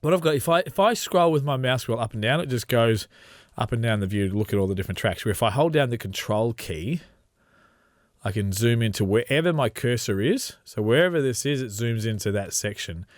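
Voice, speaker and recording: A man walking through a software tutorial as a radio trainer, explaining step by step in a relaxed way with frequent ums. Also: medium pitch, fairly quick, no echo, clean studio sound.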